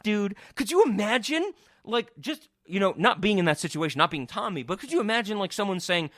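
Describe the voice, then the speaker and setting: A man chatting on a podcast, excitedly recounting a film's plot. His voice sits high and swings widely, and he slips into little put-on voices whenever he quotes a character. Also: a little fast, no echo. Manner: animated storytelling, acts out quotes. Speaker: podcast host. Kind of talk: casual chat.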